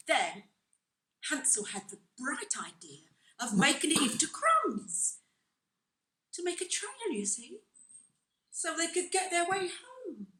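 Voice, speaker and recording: A woman's voice: high-pitched, bright, forceful tone, full character voice. An older woman acting in an amateur stage play, playing a chatty woman who rambles through old memories and laughs at her own asides. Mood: reminiscing. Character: chatty older woman reminiscing on a park bench. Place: theatre stage. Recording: roomy hall sound from a distant mic.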